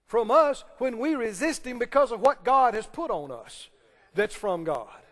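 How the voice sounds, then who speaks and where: A man's voice: very high voice, animated, a little slow, fairly bright tone, in a large hall. A man preaching a sermon, emphatic and firing questions at the congregation. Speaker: pastor.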